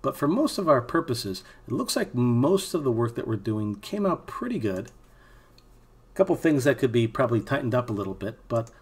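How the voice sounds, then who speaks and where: A man teaches animation via screen recording, thinking through each step aloud and adding casual comments for his students. His medium-pitched, husky voice swings widely in pitch at a moderate pace.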